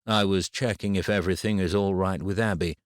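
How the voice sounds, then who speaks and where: A deep-voiced man reads a firm school official who sounds concerned. He speaks in a slow, measured way. The sound is close and dry. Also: steady tone, dry recording, natural voice.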